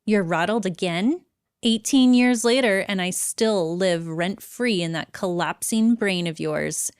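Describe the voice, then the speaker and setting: A woman's voice: mid-range voice, measured pace, clear, resonant tone, dry recording, clean studio sound, natural voice. Defiant outspoken celebrity woman, as a woman puts her on. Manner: declaiming a defiant open letter.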